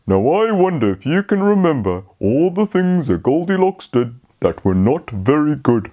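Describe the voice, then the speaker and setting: A man telling a fairy tale to children, speaking slowly and talking to them directly. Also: fairly high pitch. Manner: slow, lively, talks to the children. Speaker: storyteller. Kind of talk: children's storytelling.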